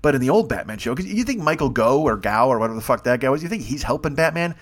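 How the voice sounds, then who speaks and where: A man's voice: medium pitch, lively intonation, fast. A man hosting a comedy podcast, delivering a rambling, profane, self-mocking monologue full of digressions. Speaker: podcast host.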